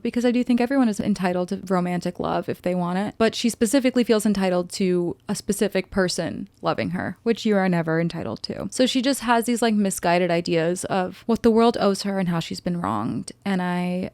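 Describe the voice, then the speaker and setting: Chatty woman with a gravelly edge. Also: medium pitch, a little mellow, dry recording. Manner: chatty, with sarcastic asides. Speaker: podcast host. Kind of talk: casual film recap and review.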